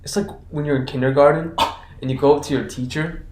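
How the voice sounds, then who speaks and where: A man's voice: fairly high pitch, steady tone, quick pace, a little mellow. A young man co-hosting a podcast, chatty and curious, asking lots of questions. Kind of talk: casual chat. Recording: roomy echo.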